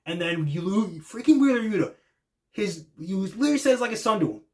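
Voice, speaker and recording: A young man giving casual wrestling reaction commentary, excitable and slangy, swearing freely and acting out wrestlers' pleas in a much higher voice. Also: quick pace.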